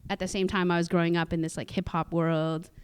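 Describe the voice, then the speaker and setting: She speaks briskly with little pitch movement, her fairly low voice darkish yet clear and resonant. A Musqueam woman from Canada, she is the guest speaker at a cultural sharing, casually sharing personal stories on a theatre stage with lots of fillers, restarts and laughter.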